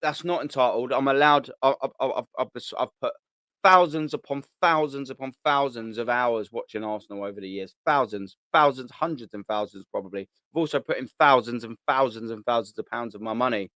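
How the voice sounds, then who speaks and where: The host of a live fan stream, a man with a mid-range, slightly bright voice, speaks a little fast with no room sound around him. He works through viewer comments in loose, slang-heavy chat, cursing and saying things more than once.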